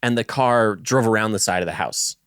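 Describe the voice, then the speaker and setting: A man's voice: on the low side, a little fast, clean tone, no echo, studio quality. A man co-hosting a casual film podcast, telling stories animatedly and acting out quotes. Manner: animated storyteller who acts out quotes. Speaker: podcast co-host. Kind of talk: casual film-discussion chat.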